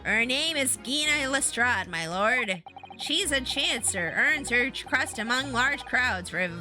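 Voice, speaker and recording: Lady reading a polite young girl assistant, calm, high and bright. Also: over music. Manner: polite, measured.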